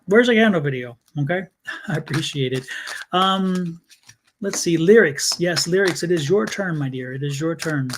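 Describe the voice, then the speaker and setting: A man with a somewhat high voice gives live tarot readings and talks earnestly, circling back and repeating phrases as he speaks to viewers by name. A faint hiss of noise sits under his voice. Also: normal speed. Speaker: tarot reader.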